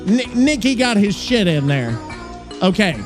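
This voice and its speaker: Excitable male podcast host; high, bouncy delivery, loose and profane, soft music underneath. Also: a little slow. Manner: excitable, profane, thinks out loud. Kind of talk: casual rambling chat.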